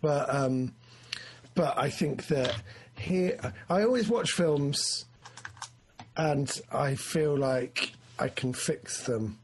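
A man chatting casually about films, rambling and animated, sometimes acting out his own excitement. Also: on the high side, slow pace, slight background noise. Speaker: film discussion co-host. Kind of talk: casual chat.

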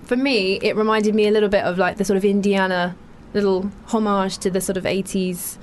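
A woman's voice: mid-range voice, fairly even intonation, a little fast, slight background noise. A woman hosting a radio show in a studio, chatting playfully and laughing often with her guests. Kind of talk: casual radio interview.

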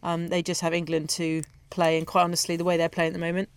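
A woman's voice: on the low side, completely flat delivery, fast talker, clean tone, no echo. A woman co-hosting a sports show, chatting casually through the news with frequent ums and easy laughter.

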